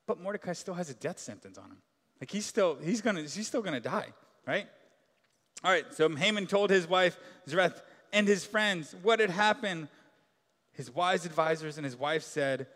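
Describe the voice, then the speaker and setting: High-pitched male pastor, casual animated sermon, long church reverb. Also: fairly quick. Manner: casual, animated retelling with asides.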